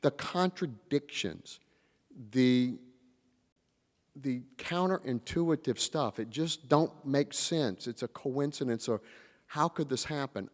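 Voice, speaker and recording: Speaking to a live audience in a large, reverberant convention hall, a male panel speaker with a medium-pitched voice tells lively stories. He acts out the voices of the people he quotes and drawls "y'all."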